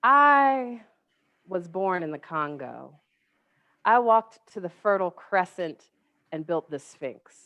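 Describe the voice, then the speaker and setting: A woman's voice: fairly low pitch, lively intonation, slow pace. A woman reciting poetry as a proud, boastful Buddha who is a beautiful woman. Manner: grand, boastful declamation. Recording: dry, dull lo-fi webinar audio.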